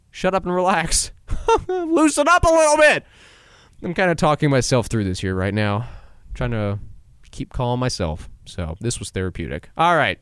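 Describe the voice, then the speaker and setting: A young man in his twenties hosts a solo podcast in a casual pep-talk style. His pitch swings widely as he acts out quotes and laughs along, and the close mic leaves the sound dry with no room behind it. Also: clean tone, no room sound. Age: 20s. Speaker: podcast host.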